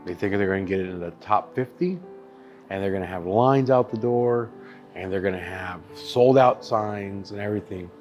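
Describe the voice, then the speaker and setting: A man's voice: lowish voice, moderate pace, darkish tone, soft background music. A man, a barbecue pitmaster and chef, telling his story in a casual interview with emphatic, profane talk. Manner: emphatic and profane, calls the listener dude and bro.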